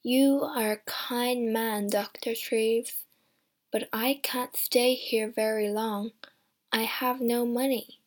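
A woman voicing a gentle, shy, deformed young man who speaks in a strange, slow voice. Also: a little high, fairly even intonation. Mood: gentle, resigned.

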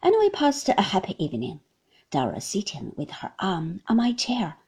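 Breathy woman narrating a classic novel. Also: medium pitch, big pitch swings, moderate pace, a little mellow. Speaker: audiobook narrator. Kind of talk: scripted narration.

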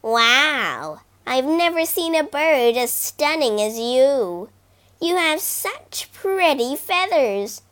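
A woman voicing a sly male fox who sweet-talks slowly in a storybook reading. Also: on the high side, smooth. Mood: flattering. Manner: slow flattering coo.

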